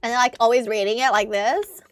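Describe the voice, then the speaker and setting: A woman's voice: a little high, steady tone, a little fast, dry recording. A young woman with an Australian accent chatting bluntly with her stream viewers, swearing often. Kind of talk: casual chat with stream viewers.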